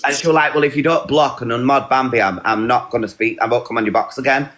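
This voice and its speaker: A man's voice: mid-range voice, steady tone, quick pace, fairly bright tone. A man hosting a live stream, bluntly recounting a dispute and quoting others as he goes. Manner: blunt, recounting quotes in a rush. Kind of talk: heated casual storytelling.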